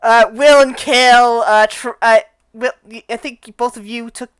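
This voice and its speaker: A woman narrating as dungeon master of a tabletop game, halting and restarting often as she describes the action. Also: a little high, steady tone, clean tone, dry recording. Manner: halting, with frequent restarts and laughs.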